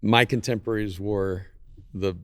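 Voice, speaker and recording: A man's voice: on the low side, fairly even intonation, moderate pace, a bit bright, dry recording. An older man from El Salvador speaking as a podcast host, reflective and storytelling, with frequent restarts and quoted asides. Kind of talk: casual conversation.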